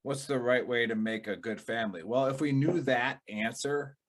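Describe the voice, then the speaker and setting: A man with a Wisconsin accent hosting a casual chat show, rambling and animated with lots of fillers. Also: mid-range voice, moderate pace. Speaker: podcast host.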